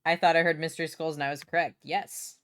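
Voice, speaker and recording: A woman's voice: deep voice, flat delivery, quick pace, fairly bright tone. Bubbly swearing young woman streamer. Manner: bubbly, swears freely, reads chat aloud. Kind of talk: casual livestream chat.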